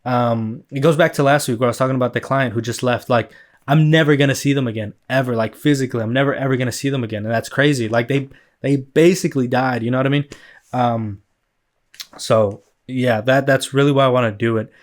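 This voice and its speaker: A man's voice: medium pitch, fairly even intonation, a little fast. A man hosting a solo podcast in a loose, rambling chat, full of fillers and swearing. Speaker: podcast host.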